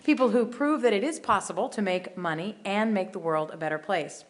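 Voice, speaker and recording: A woman's voice: mid-range voice, a little fast. A woman hosting a conference, reading a prepared introduction of the next speaker with a few light asides. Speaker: conference host.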